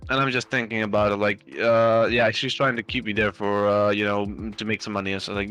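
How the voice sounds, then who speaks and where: A man's voice: fairly low pitch, level tone, a little fast, few pauses, fairly bright tone, faint music behind. A man casually telling a long anecdote on a live stream, rambling with lots of fillers and restarts and swearing freely. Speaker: stream host.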